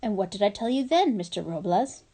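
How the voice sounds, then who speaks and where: A woman reading aloud, voicing a stern middle-aged female school principal who scolds in slow, clipped, emphatic phrases. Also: medium pitch, sing-song, mellow, husky.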